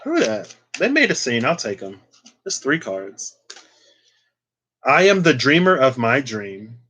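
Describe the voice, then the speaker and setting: A man's voice: medium pitch, big pitch swings, a little slow, bright, forceful tone, a little hiss or hum, rough recording. Chatty man giving a tarot reading. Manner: chatty, lots of "like" and playful asides. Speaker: tarot reader.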